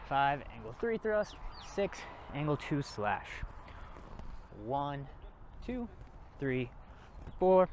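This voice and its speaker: A man's voice: fairly high pitch, very animated, drawn-out words, long pauses, a little mellow, a little hiss or hum. A man teaching a martial arts class, counting reps aloud and explaining moves in a casual coaching way. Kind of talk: workout class instruction.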